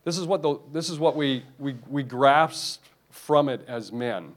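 A man's voice: mid-range voice, unhurried. A man preaching a sermon, emphatic and repetitive, often restarting his phrases.

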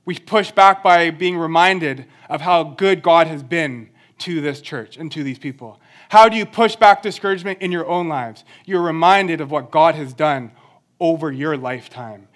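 A man's voice: fairly high pitch, expressive, normal speed, a bit bright. A young man giving an earnest, conversational sermon with self-deprecating humor. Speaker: church speaker.

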